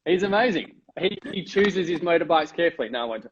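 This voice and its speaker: A man's voice: fairly high pitch, expressive, fast talker, dull audio, very noisy. A man hosts a casual live-stream chat and gushes with enthusiasm. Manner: gushing, enthusiastic. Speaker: host.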